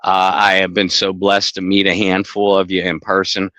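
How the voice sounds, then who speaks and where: A man's voice: sits low, completely flat delivery, normal speed, sharp tone, dry recording. A man co-hosting a sports podcast in casual chat, rambling with many restarts and blunt swearing. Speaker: podcast co-host.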